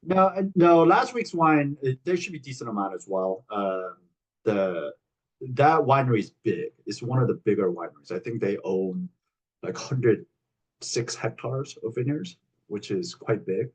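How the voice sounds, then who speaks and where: A man's voice: medium pitch, animated, measured pace, breathy edge, poor audio. A man hosting a wine club tasting on a video call, talking casually with many fillers and restarts.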